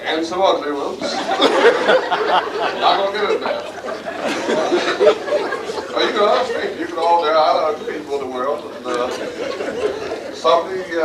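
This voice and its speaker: A man's voice: fairly high pitch, measured pace, pauses often, heavy background noise. Man joking through an award speech. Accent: Midwestern American. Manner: folksy, self-deprecating, joke-telling. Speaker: award recipient giving a speech. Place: banquet room. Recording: echoey hall taped from far off, loud crowd. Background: crowd murmur and laughter.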